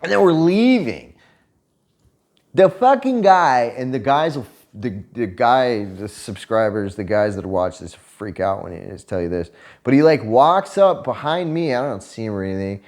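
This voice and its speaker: A man vlogger telling stories in a casual chat, profane and animated, laughing as he tells them. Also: mid-range voice, normal speed.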